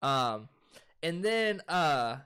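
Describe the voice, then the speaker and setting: Young guy riffing on a movie, kinda high voice, swears a lot, laughs retelling scenes. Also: drawn-out words, clean tone. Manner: animated, profane, laughs while retelling scenes. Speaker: co-host. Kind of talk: casual movie review chat.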